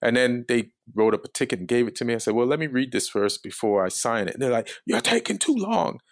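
A comedian guest telling a story in a calm, flat, monotone way. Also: male voice, mid-range voice, fast talker, no echo, studio quality. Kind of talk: casual storytelling.

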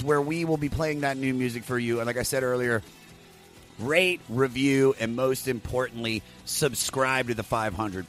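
Excitable podcast host, man. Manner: enthusiastic, swearing, pitch swings loudly. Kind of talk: casual podcast intro.

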